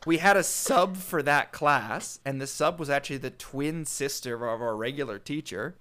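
A man's voice: medium pitch, moderate pace, clear, resonant tone. A young man in casual chat, telling funny stories with lots of laughter and acted-out quotes. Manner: animated, laughing, acts out quotes.

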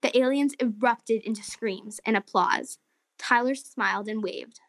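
A woman narrating a children's story and hosting a short segment, in an expressive, friendly way. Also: on the high side, measured pace, vocal fry, no room sound, studio quality.

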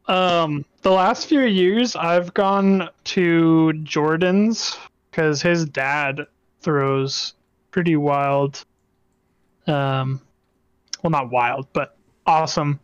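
A man's voice: fairly high pitch, extremely slow, pauses often, clean tone, dry recording, muffled recording. A man chatting casually on a podcast, easygoing. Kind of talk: casual chat.

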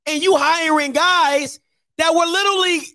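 A man with a strikingly high voice hosts his own sports talk show, talking in a casual, slang-heavy rant. He hammers points home by repeating phrases. The recording is dry and close, with no room sound. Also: fairly even intonation, moderate pace, bright, forceful tone, no room sound.

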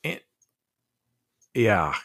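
A middle-aged man telling heartfelt stories as a podcast guest, halting and restarting often. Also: a bit bright. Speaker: podcast guest, leadership coach. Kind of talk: casual interview storytelling.

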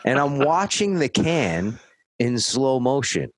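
A man's voice: mid-range voice, very animated, slow, dry recording, poor audio. A man casually telling a story, cursing freely and acting out what others said. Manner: profane, dry, acts out quoted voices. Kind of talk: casual anecdote.

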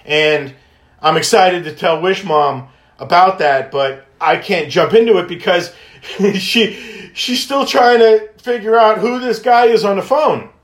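Upbeat man, slightly high voice, chatty podcast storyteller who laughs a lot, roomy echo. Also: unhurried. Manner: high-energy, laughs often, acts out phone calls. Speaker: podcast host and wish granter. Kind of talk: casual storytelling monologue. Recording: echoey room.

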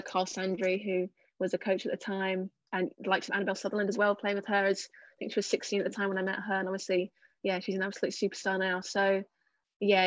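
A woman's voice: mid-range voice, no echo. Young English woman, interview guest, chatty and modest, dull dry sound. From England. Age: 20s. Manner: chatty, self-deprecating, many fillers. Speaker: cricketer guest. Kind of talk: casual interview answers.

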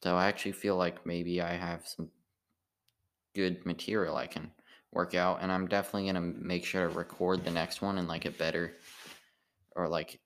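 A tired man, an amateur comedian, rambling in a halting casual monologue full of restarts. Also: deep voice, little pitch movement.

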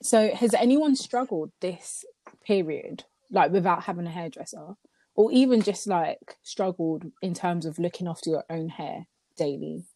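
Young woman chatting, lowish voice. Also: moderate pace, no room sound. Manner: relaxed, frequent "like" fillers. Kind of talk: casual group chat.

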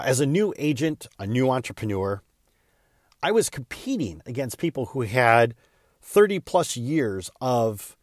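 A man's voice: medium pitch, a little mellow, no room sound, clean studio sound. Earnest man hosting a solo podcast. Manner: earnest, candid, with small stumbles and repeats. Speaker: podcast host.

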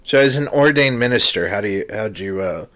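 A man's voice: lowish voice, expressive, quick pace, bright, forceful tone. A man co-hosting a podcast in loose, profane casual chat, laughing often. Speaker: podcast co-host.

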